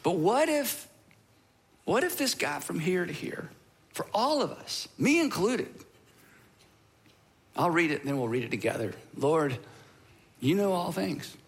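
Earnest preaching man, hushed at times. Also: sits high, a little slow, long pauses. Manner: earnest, swings from animated emphasis to hushed, near-whispered lines. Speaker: pastor. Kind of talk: sermon closing with prayer.

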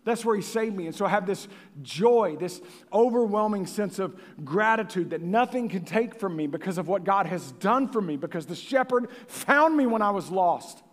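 A man, likely in his thirties, preaching a sermon as pastor in a folksy, animated way that sometimes sinks to a hush. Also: sits high, moderate pace. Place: church sanctuary. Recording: long hall reverb.

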